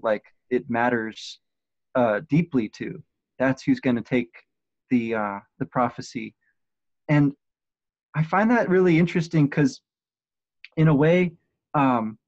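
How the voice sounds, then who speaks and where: A man chats on a podcast, pausing and filling gaps as he hunts for the right words. His voice comes through a dull, muffled line with a dry, close sound and no room echo. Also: mid-range voice. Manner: hesitant, lots of "like" and "um", searching for words. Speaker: podcast co-host. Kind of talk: casual book discussion.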